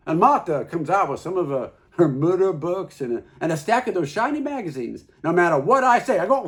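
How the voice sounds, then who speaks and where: A man's voice: sits high, expressive. Folksy man telling a story onstage. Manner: folksy, storytelling, halting repeats. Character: Carl, plain-spoken middle-aged husband. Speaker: actor performing a monologue. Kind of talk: theatrical monologue.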